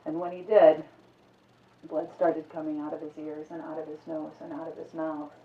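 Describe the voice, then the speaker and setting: A woman telling a dark fairy tale aloud in a conversational, vivid way. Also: sits low, level tone, moderate pace, a little hiss or hum. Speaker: storyteller. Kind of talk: oral storytelling. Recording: echoey, distant, phone-like sound.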